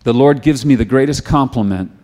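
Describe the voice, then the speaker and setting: A middle-aged man delivering a sermon at an ordinary pitch. He speaks in a chatty, storytelling manner and later shifts into a softer, earnest tone as he leads prayer. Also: fairly quick. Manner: conversational storytelling, then quiet earnest prayer. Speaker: preacher.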